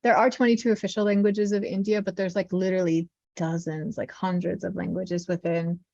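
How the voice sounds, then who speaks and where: A woman's voice: on the low side, little pitch movement, a little fast, vocal fry, darkish tone, no echo. Friendly female tutor, casual and chatty, muffled dry call audio. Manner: chatty, upbeat, many fillers. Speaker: Malayalam teacher. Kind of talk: casual online lesson talk.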